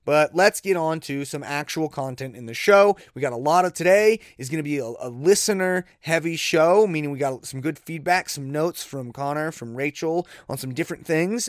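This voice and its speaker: A man's voice: on the high side, no room sound. Chatty man, dry close podcast voice. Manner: rambling, self-deprecating, jumps to exasperated disbelief. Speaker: podcast host. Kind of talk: casual solo podcast chat.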